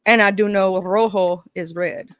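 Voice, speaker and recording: A woman's voice: mid-range voice, fairly even intonation, a little slow, crowd noise. Laughing Southern woman hosting a chat. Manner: laughing, joking, Southern slang. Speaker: host. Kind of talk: casual live-stream chat.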